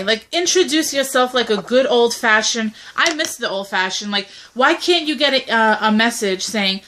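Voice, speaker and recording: Blunt, bright-voiced young woman ranting. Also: a little high, moderate pace, hardly any pauses, slight background noise. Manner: blunt, animated, mimics quoted voices. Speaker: co-host of a talk video. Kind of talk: casual opinionated chat.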